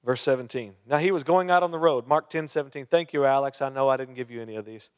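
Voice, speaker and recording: A pastor with a clear, resonant mid-range voice preaches at a quick pace, reading scripture aloud and then breaking off to ask the congregation questions and joke with them. The recording carries a long hall reverb.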